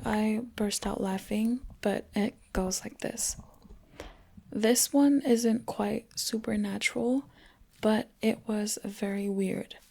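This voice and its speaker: A woman's voice: mid-range voice, creaky, slightly rough. A woman hosting her channel, reading online stories aloud in a chatty way, breaking into laughs and sometimes dropping to a near whisper. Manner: chatty, laughs between lines, drops into soft whispered passages. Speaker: channel host.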